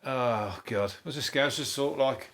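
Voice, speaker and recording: A man with a Birmingham accent rambles through a comedic review of the news, swearing freely and laughing at his own jokes. His voice sits at an everyday middle pitch. Now and then he slips into quick silly impressions. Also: fairly bright tone, slight background noise. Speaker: comedian host.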